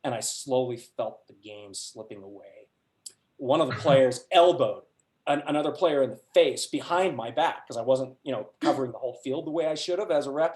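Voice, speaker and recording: A man's voice: mid-range voice, normal speed. Middle-aged man telling a story, roomy echo. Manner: animated anecdote with frequent laughs. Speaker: workshop presenter. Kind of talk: storytelling talk to a group.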